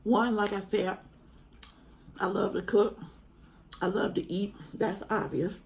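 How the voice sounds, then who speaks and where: A woman's voice: medium pitch, fairly even intonation, takes it slowly, darkish tone, a little hiss or hum, poor audio. A young woman, earnestly and chattily talking to camera at home in a vlog. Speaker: mukbang vlogger. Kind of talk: casual heartfelt chat to camera.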